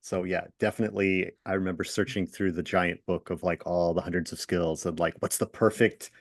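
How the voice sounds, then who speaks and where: A man in his forties hosts a casual chat, circling his thoughts with restarts and easy laughter. His voice sits on the low side and sounds dry, with no room around it. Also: steady tone, no echo. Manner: rambling, halting, with many restarts and laughs. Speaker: podcast host. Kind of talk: casual nostalgic interview chat.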